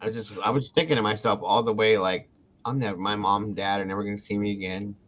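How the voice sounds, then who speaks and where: Animated man telling a wild story. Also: on the low side, quick pace. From Ohio. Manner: animated, swears freely, acts out quotes. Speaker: podcast host. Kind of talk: casual storytelling.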